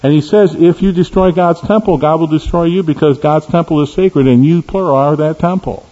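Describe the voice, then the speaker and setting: A man preaching a sermon, emphatic, swinging from stressed high peaks to low, quiet key words. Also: fairly quick. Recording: lo-fi recording in a reverberant hall.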